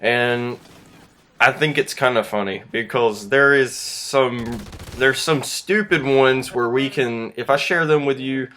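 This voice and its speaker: A man's voice: medium pitch, takes it slowly, sharp tone, slight background noise. A man in his twenties with a Southern US accent, rambling through a casual story to camera. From Southern United States. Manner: rambling, easygoing, self-deprecating. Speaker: YouTuber.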